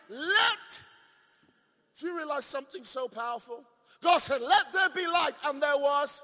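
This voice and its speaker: A man preaching a sermon. He swings from shouted declarations to low, drawn-out asides, and he keeps questioning the audience and repeating himself. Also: big-room sound. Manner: asks the audience questions and leans on repetition.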